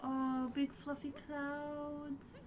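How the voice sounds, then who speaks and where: A woman giving excitable live commentary as she streams a video game, gasping and yelping at what happens on screen. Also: high-pitched, drawn-out words, a little hiss or hum.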